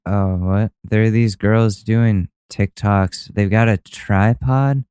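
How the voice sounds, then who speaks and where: A man's voice: on the low side, fairly even intonation, slow, darkish tone, clear, resonant tone, no echo. A podcast host, a man, casually reacting to viral videos with loose, profane, laughing commentary.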